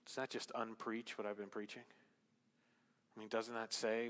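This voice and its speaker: A man's voice: flat delivery, moderate pace. Emphatic preacher man in a big echoing hall. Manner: emphatic, swinging between loud, high exclamations and low, quiet stretches. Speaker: pastor. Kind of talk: sermon. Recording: long reverb of a large hall.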